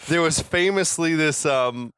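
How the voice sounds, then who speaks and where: A man's voice: fairly high pitch, a little slow, fairly bright tone, clean tone, no echo, studio quality. A man co-hosting a podcast in casual chat, laughing often and telling loose, profane anecdotes. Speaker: podcast co-host.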